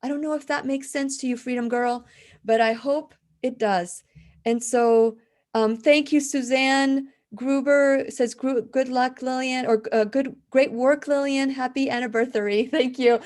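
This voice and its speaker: A woman's voice: high voice, fairly even intonation, measured pace, darkish tone. A woman in her fifties with a slight lisp, hosting a faith-based live talk show, telling earnest stories and reading viewer comments with frequent restarts. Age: 50s. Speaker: radio show host.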